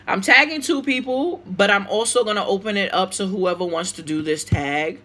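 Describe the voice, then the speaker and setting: A woman's voice: medium pitch, normal speed, fairly bright tone. A woman with a Brooklyn accent, vlogging casually to camera and answering tag questions, emotional and outspoken. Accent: Brooklyn, New York. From United States.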